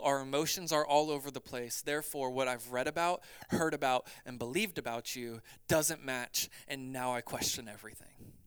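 A man preaching a sermon as pastor, swinging between loud urgency and quiet, hushed passages. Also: mid-range voice, clear, resonant tone, dry recording.

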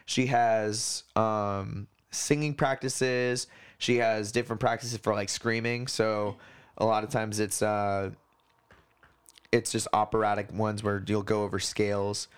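Low-voiced man in casual podcast chat. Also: flat delivery, unhurried, clear, resonant tone. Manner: rambling, explains with lots of fillers, swears casually. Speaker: podcast co-host.

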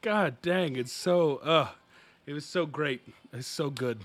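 A man co-hosting a casual podcast, jokey and quick to laugh. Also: fairly high pitch, dry recording. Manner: laughs often, animated and jokey. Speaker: podcast co-host. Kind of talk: casual chat.

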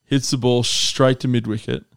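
A young man co-hosting a casual sports podcast, telling stories with slow, dramatic pauses. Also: mid-range voice, flat delivery, vocal fry, clean tone, dry recording, clean studio sound. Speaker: podcast co-host.

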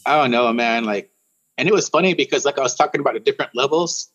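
Man from Warm Springs, Oregon, casual guest storyteller, mid-pitched, rambling with restarts, slightly dull lo-fi audio. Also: fast, slightly rough. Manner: rambling, repeats and restarts words, says "bro" often. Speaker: guest musician.

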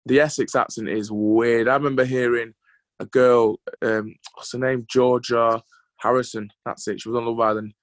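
A blunt, opinionated man who swears freely in an easygoing chat. His voice is mid-pitched and recorded dry and close, with no room sound. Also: flat delivery, moderate pace, no echo. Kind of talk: casual group chat.

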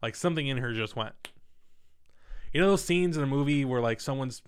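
A young man in his twenties telling a personal story in casual, profane, animated talk. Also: mid-range voice, a little fast, clean tone. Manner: candid, profane, animated retelling.

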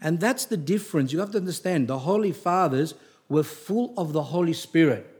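A middle-aged man with a somewhat high-pitched voice delivers a spoken religious talk. He tells stories in a loose, digressive way and often starts a sentence over. When he scolds, he becomes blunt and emphatic. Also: animated, fairly quick, darkish tone. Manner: digressive, anecdotal, with frequent restarts. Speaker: religious teacher giving a talk.

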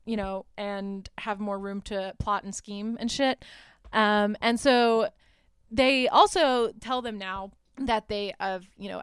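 A young adult woman hosting a podcast, recapping a horror film in a casual, animated way, laughing often and swearing freely. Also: fairly high pitch, clear, resonant tone, dry recording, clean studio sound. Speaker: podcast host.

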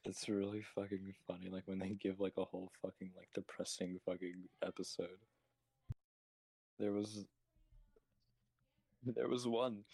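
A young man co-hosting a casual podcast, rambling and crude in a deadpan way. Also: sits low, gravelly, no room sound. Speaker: podcast co-host.

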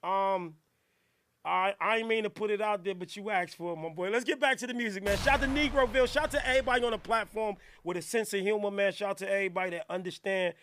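A man from Newark with a New Jersey accent, hosting a hip hop radio show in a loud, joking, crude manner. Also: high-pitched, steady tone, quick pace, a little hiss or hum.

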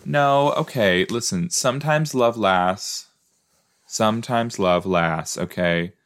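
A man's voice: fairly low pitch, fairly bright tone. A man hosting a podcast, giving casual, playful reaction commentary while watching a show and laughing easily. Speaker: podcast host.

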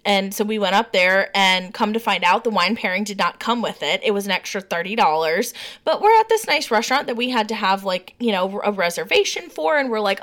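A woman's voice: mid-range voice, expressive, brisk, fairly bright tone. A woman co-hosts a casual podcast. She tells a candid story in a plain, mid-range voice with an easy, conversational delivery. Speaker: podcast co-host. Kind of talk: casual chat.

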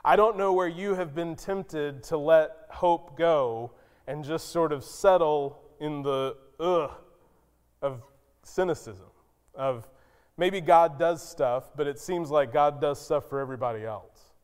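A man preaching a sermon as pastor, who acts out quoted lines with sudden high, loud outbursts. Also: slow pace, clear, resonant tone. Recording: long hall reverb.

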